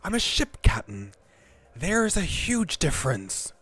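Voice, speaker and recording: A man voicing a proud, touchy male ship captain in a game, attempting a West Country accent, speaking slowly and loudly. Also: on the high side, very animated, breathy edge, pitched above the performer's own voice, exaggerated voice. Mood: indignant. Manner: slow, loud, indignant delivery.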